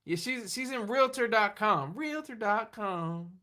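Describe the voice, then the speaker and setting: Bright-voiced rambling livestream host. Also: medium pitch, expressive, measured pace. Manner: rambling, laughs often, reads and answers chat; tired, running on fumes. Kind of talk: rambling casual livestream chat.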